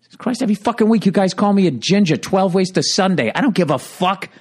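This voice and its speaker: A man's voice: sits high, expressive, fast talker, darkish tone, husky. Profane ranting man on a solo podcast. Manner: profane, rambling, heated storytelling. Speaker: podcast host. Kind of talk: casual solo podcast rant.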